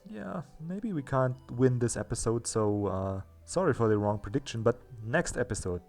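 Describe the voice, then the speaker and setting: A man's voice: medium pitch, animated, normal speed, darkish tone, soft background music. A man hosting a let's play, chatting casually and thinking aloud as he plays, with a self-mocking manner. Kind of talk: casual gameplay commentary.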